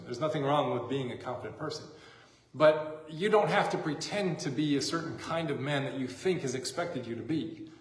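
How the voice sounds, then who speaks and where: A man preaching a sermon as a pastor, in a casual, joking, conversational way, recorded in a church sanctuary. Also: fairly high pitch. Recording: echoey church hall.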